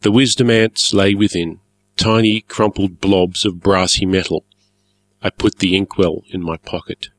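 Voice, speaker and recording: A man narrating a story in a measured, formal, wry manner. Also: sits low, fairly even intonation, no echo.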